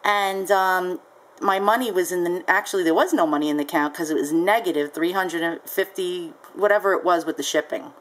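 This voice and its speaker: A woman's voice: on the low side, fairly quick, rough recording. A woman seller casually recounting a story on her vlog, chatty and peppered with ums and asides. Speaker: online seller.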